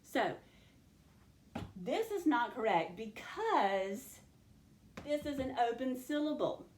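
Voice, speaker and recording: Woman teacher, clear step-by-step phonics lesson. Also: sits high, very animated, slow, a little mellow, slight background noise. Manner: clear, step-by-step instructional delivery, addressing students directly. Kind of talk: recorded classroom phonics lesson. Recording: roomy echo.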